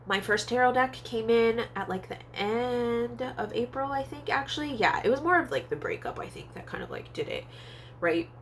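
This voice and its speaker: A woman's voice: sing-song, normal speed. Young woman, casual storytime vlog, chatty and candid, stuffy nose, faint background noise. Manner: chatty and candid, many fillers, acts out quoted voices in a high pitch. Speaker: psychic tarot reader and vlogger. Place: Hawaii.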